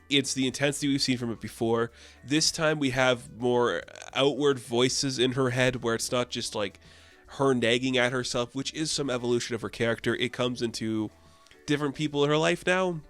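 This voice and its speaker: A man's voice: medium pitch, fairly bright tone. Chatty man reviewing a TV show. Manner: chatty, many fillers, earnest enthusiasm. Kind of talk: casual spoken review.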